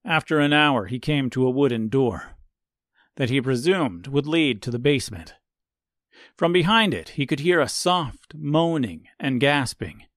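Slow, deliberate male audiobook narrator. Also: mid-range voice, no echo, clean studio sound. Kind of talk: scripted narration.

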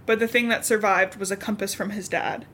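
A woman's voice: medium pitch, steady tone, brisk, pushed and bright, slight background noise. A young woman co-hosting a podcast, casually recapping a novel and acting out the characters' lines as she goes. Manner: chatty, acts out dialogue in quotes. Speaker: podcast co-host.

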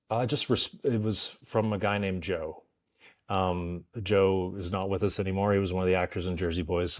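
Canadian guest actor, low voice, easygoing and self-deprecating, quick to laugh. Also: male voice. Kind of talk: casual interview chat.

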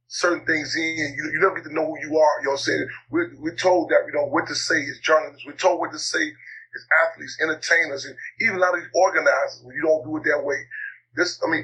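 A man being interviewed, talking casually in a halting way, often repeating words and using fillers, his voice a bit worn. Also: on the high side, pushed and bright, slightly rough. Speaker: interview guest, activist. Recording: slightly dull lo-fi audio, faint noise.

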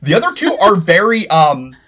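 A woman runs a tabletop game, describing each scene in a loose, rambling way. Her voice is husky and a little low. Her pitch swings a lot as she talks. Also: very animated, normal speed, fairly bright tone. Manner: rambling descriptive narration with fillers. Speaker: game master.

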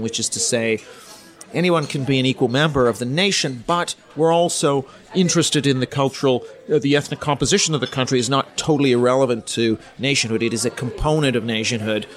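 In a mid-range voice, a middle-aged politics professor from Canada gives measured, explanatory answers in an interview. He thinks out loud, using fillers and starting sentences over.

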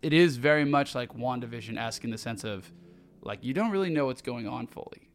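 A man co-hosting a podcast in casual chat, low-key and relaxed, swearing casually. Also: fairly quick, slight background noise. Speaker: podcast co-host.

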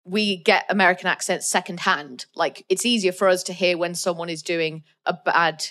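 A woman's voice: lowish voice, fairly even intonation, normal speed, a bit bright. A woman co-hosting a film podcast, chatting casually with lots of "like" and "um". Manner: chatty, full of "like" and "um" fillers. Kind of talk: casual film review chat.

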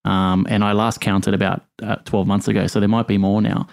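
A man hosting a call-in podcast, with a somewhat low voice. He chats casually, jokes and laughs easily with his co-host and callers. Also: level tone, brisk, creaky. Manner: friendly, banters and laughs easily.

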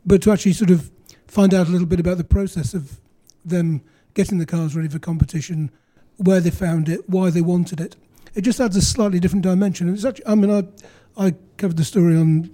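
Journalist guy, pretty high voice but real dark and soft, easy panel chat. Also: steady tone, fast talker, hardly any pauses. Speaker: magazine journalist.

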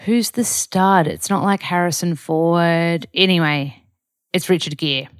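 A woman's voice: fairly low pitch, measured pace, dry recording. Chatty woman, dry close sound. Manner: chatty, rambling, playful. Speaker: podcast host. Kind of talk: casual diary chat.

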